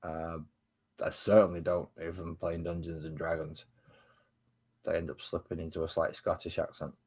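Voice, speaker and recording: A low-pitched man with a husky, slightly rough voice talks through a live stream. He banters sarcastically with viewers and mutters to himself between remarks. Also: completely flat delivery, normal speed, darkish tone. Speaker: streamer painting miniatures. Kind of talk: casual live-stream chat.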